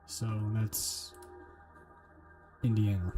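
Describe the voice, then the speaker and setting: A man's voice: medium pitch, fairly even intonation, measured pace, warm tone, soft background music. A man streaming while he studies, talking to himself casually, swearing and making up silly memory tricks. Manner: muttering to himself, swearing, joking mnemonics. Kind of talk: casual livestream study talk.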